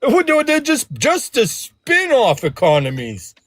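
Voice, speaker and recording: A man with a high voice calls into a live stream and rambles on, talking over the host. The sound is dry and close. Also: wildly swooping pitch, a little slow, fairly bright tone, no room sound. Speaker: caller.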